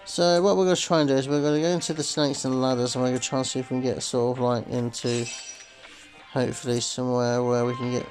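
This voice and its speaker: A man's voice: medium pitch, level tone, fast talker, a little mellow, faint music behind, low-quality recording. A man hosting a slot game video, rambling casually to viewers with lots of "sort of" fillers and calling them folks. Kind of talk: casual gameplay commentary.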